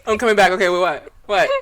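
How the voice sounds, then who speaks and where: A young woman co-hosting a podcast in casual chat, playful and jokey. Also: medium pitch. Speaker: podcast co-host. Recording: noisy line with clicks.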